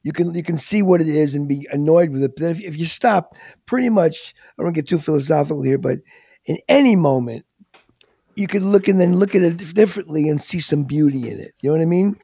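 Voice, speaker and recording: A man's voice: a little high, animated, brisk, creaky, mellow, slightly rough, no room sound, studio quality. A man co-hosting a casual talk show, rambling with lots of restarts and calling himself a cynic. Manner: self-described cynic, rambling with many restarts. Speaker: co-host. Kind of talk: casual podcast chat.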